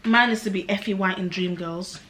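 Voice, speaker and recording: A tipsy young woman co-hosting a casual chat, bubbly and quick to giggle. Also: mid-range voice, steady tone, noisy background. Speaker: co-host, singer. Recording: echoey room.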